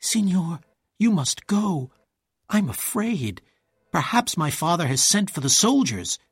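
A man's voice: big pitch swings, unhurried, husky, no echo, clean studio sound, full character voice. A man putting on an anxious young noblewoman. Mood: frightened. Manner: raised, pleading pitch.

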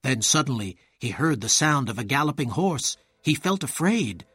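A man reads a storybook aloud with a lively, rising and falling voice and a husky grain. His delivery is measured and clear, and the recording is dry and close. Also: mid-range voice, no room sound. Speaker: narrator. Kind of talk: storybook read-aloud narration.

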